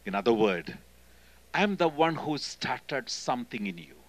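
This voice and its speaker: A man with an Indian accent preaching a sermon in church as a guest speaker, emphatic and swinging between loud and hushed delivery. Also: mid-range voice, big pitch swings, normal speed, low-quality recording. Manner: emphatic, often calling "hello?" to the congregation.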